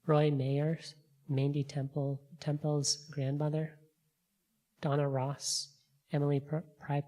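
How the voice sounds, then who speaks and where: Slow, flat-voiced service leader. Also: mid-range voice. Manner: measured, even reading of a list. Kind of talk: reading names of the departed.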